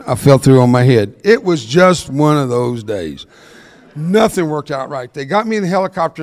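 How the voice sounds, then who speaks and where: Older male motivational speaker, slightly high voice, fast and jokey storyteller. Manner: animated, jokey, laughs at his own punchlines; talks fast. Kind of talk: humorous storytelling talk.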